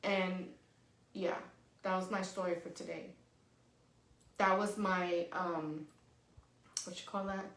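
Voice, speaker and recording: A middle-aged woman co-hosting a podcast, telling a story in a lively, casual way, swearing freely and tagging "right?" onto her sentences. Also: fairly low pitch, slow, long pauses. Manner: animated, swears freely, says "right?" often. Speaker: podcast co-host. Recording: echoey room.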